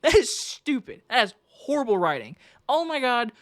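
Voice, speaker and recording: A woman's voice: a little high, sing-song, normal speed, a bit bright. A woman giving a casual, profane movie review in an exasperated, emphatic rant.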